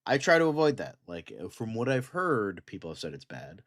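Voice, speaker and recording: A man's voice: fairly low pitch, sing-song, normal speed, a bit bright. A man co-hosting a casual chat show, talking bluntly with plenty of swearing and joking. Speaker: podcast co-host.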